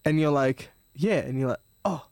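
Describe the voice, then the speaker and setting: A man's voice: mid-range voice, moderate pace, no room sound, studio quality. A man, a podcast guest telling a story in a rambling, profane, casual way. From Melbourne, Australia. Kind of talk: casual chat.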